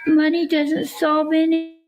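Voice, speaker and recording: A woman's voice: sits high, completely flat delivery, slow, over music, poor audio. An older woman, a grandmother, talking to viewers on a livestream, crying, pleading and defensive. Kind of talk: tearful livestream talk to viewers.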